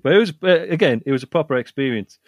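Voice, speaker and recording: A man's voice: a little high, expressive, fast talker, no echo, studio quality. A man co-hosting a casual chat podcast, rambling and repeating himself as he tells a story and reads reviews aloud. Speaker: podcast co-host.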